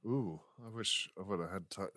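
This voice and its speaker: A man, a stand-up comedian guest, telling stories in a casual interview, animated, acting out the voices of people he quotes and swearing freely. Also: sits low, moderate pace, dry recording, studio quality.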